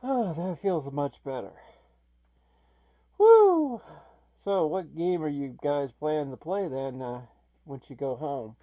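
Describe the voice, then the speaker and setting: Woman voicing smug bodiless evil Dark Milo. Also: deep voice, normal speed, no echo, close to an everyday voice. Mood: teasing. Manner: mocking, condescending. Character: bodiless evil male entity, teasing and smug. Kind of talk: comedy gaming sketch.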